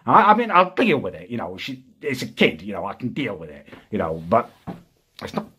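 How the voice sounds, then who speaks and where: Young man, husky voice, exasperated comic rant, pitch leaps all over. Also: huge pitch swings, a little fast, sharp tone. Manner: exasperated, indignant ranting with sudden high outbursts. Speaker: comic ranting character. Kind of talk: comedic rant to camera.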